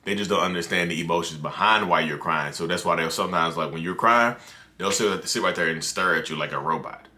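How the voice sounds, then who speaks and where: Deep-voiced man talking casually to camera. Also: fairly quick, pushed and bright. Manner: conversational and loose, with many "you know" and "like" fillers and restarts. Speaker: mental health content creator.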